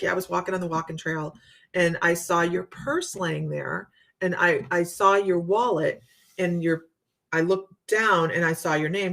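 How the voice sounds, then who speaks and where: Gravelly chatty woman telling stories. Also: on the low side, a bit bright. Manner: chatty storytelling, Southern US "y'all". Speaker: psychic medium host. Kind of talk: casual live chat with viewers.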